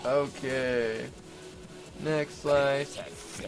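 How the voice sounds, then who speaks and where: A man's voice: mid-range voice, steady tone, slow, long pauses. A man doing casual gameplay commentary, rambling, giggling and reacting aloud to what happens in the game. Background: game music and sound.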